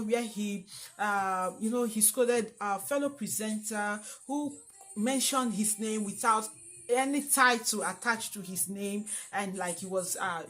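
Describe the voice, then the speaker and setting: A young woman, chatting to camera in an opinion vlog, with many fillers and long thanks to her viewers. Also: mid-range voice. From Nigeria. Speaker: vlogger.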